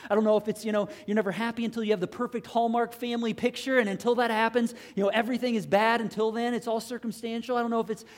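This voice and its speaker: Pastor, sermon, impassioned, repeated rhetorical questions, swings loud to hushed, long hall reverb. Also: medium pitch, level tone, racing, hardly any pauses.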